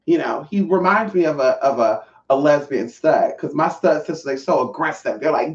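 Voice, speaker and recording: A woman's voice: low-pitched, animated, normal speed, few pauses. Sassy trans woman vlogging, swears a lot, talks to the viewers directly; echoey room, set back from the mic, muffled sound. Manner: sassy, profane, calls the viewers honey and y'all. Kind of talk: casual storytelling to viewers. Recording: echoey, distant, dull sound.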